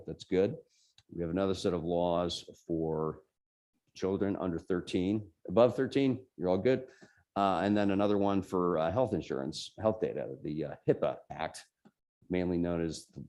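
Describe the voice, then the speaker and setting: New jersey guy talking tech privacy to a user group, low mellow voice, plainspoken. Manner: explanatory, informal, plainspoken. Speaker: guest presenter at a computer user group meeting. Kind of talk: conversational tech policy talk.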